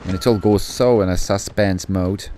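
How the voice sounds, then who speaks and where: A man with a very low, deep voice talks through his gameplay as it happens. He gets excitable, rambles into asides, and swears before apologizing for it, all over a faint hiss. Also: normal speed. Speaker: gameplay commentator. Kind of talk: live gaming commentary.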